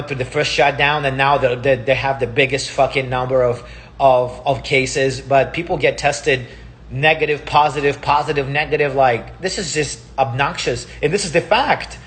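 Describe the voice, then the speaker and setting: A man's voice: a little high, normal speed, a bit bright. Heated profane man ranting. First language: Russian. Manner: heated, profane, repeats himself. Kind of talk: ranting casual monologue. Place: Palm Springs.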